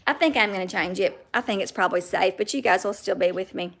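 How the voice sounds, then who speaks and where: A woman's voice: medium pitch, fast, gravelly. A woman with a Southern US accent, hosting a casual livestream and chatting with viewers by name. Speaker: livestream host. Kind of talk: casual livestream chat reading viewer comments.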